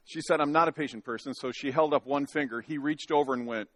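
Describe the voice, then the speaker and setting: A man's voice: mid-range voice, fast talker. A male pastor preaching a sermon in a church, folksy and joking, often restarting his sentences. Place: church sanctuary.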